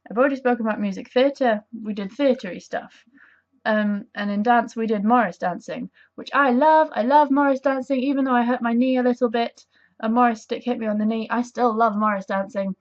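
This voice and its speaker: A young woman chatting to camera in a casual vlog, bubbly and enthusiastic, rambling with self-deprecating asides. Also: on the high side. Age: young adult. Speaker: vlogger. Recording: dull lo-fi camera audio.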